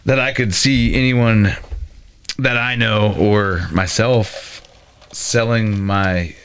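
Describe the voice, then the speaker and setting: Podcast guest, man in his late 30s, very low voice, halting and thinking aloud. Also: fairly even intonation, a bit bright, slight background noise. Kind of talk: casual podcast discussion.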